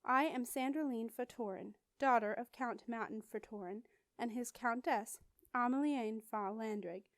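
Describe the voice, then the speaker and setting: A woman's voice: fairly high pitch, measured pace, no room sound. Sandry, a woman reading as a bold noble girl. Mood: haughty.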